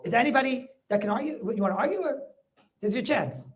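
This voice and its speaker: A rabbi in rapid flow, delivering a Talmud class over a video call. He talks quickly, doubles back on his words, and keeps pressing his listeners with quick questions to see if they follow. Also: very high voice, expressive. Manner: repeats words and restarts as he goes. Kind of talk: Talmud lecture.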